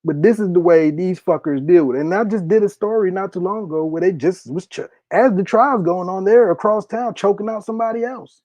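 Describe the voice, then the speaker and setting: A man's voice: high voice, a little fast, few pauses, darkish tone, no echo. A man in his thirties delivering heated, profane political commentary, hammering his points with repetition. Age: 30s. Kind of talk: impassioned solo commentary. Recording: dull lo-fi dry recording.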